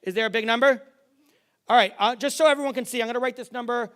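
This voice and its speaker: On a large theater stage before a live audience, a middle-aged man performs stage magic, bantering with the crowd in a brash, joking, swearing style. His voice is very high, fast, smooth and fairly bright.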